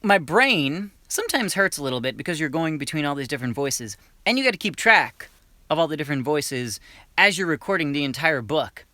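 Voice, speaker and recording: A man's voice: a little high, bright, forceful tone, dry recording. A young male voiceover actor chatting casually on a livestream, laughing often and restarting his sentences.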